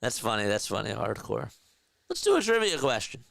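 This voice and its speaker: A man's voice: mid-range voice, wildly swooping pitch, normal speed, gravelly, a bit bright, no echo. A man calling a game live as a play-by-play streamer, casually chatting with viewers between plays.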